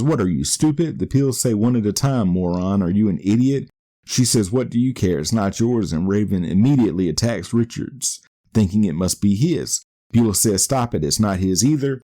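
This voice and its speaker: A man hosting a podcast, recapping an old wrestling show in a steady play-by-play way. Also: on the low side. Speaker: podcast host.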